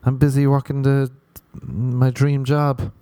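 A man's voice: mid-range voice, level tone, slow, dark tone, voice pushed up, lightly acted. A man doing a breezy, flirty saleswoman.

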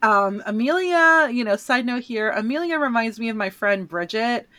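A woman's voice: a little high, animated, moderate pace, pushed and bright, dry recording. A woman co-hosting a casual podcast, chatty and joking with frequent fillers. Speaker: podcast co-host.

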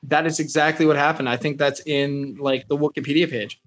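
Young male podcast co-host, higher voice, eager and rambling. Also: fairly even intonation, a little fast, fairly bright tone, low-quality recording. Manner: enthusiastic, rambling with fillers. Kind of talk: casual chat.

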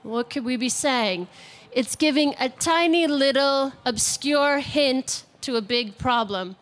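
A woman's voice: high-pitched, slow, a bit bright. A woman hosting a word game at an outdoor live radio broadcast, playful and upbeat. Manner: playful and upbeat, laughs often.

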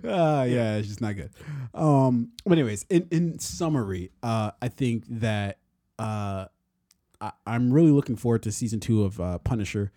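Chill guy on a podcast, swears a lot, mellow dark voice, dry sound. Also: medium pitch, lively intonation, moderate pace, dry recording. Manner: profane, laughs often, rambling. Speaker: podcast co-host. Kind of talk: casual chat.

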